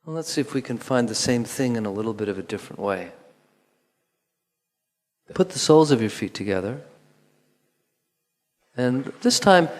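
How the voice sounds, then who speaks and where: Male movement teacher, calm and instructive, melodic delivery, long hall reverb. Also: mid-range voice. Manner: calm, instructive, with pauses and spoken counting. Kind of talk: guided movement lesson.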